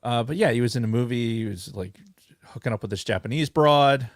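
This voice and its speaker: A man's voice: medium pitch, a little fast, dry recording, studio quality. A man co-hosting a podcast in casual chat, wry and rambling, swearing as he gropes for names. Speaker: podcast co-host.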